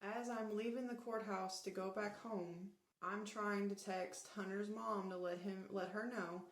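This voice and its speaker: Flat-voiced woman telling her story. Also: mid-range voice, a little slow, roomy sound, poor audio. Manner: plain, steady recounting with quoted dialogue. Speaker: storyteller recounting her own experience. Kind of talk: first-person confessional storytelling.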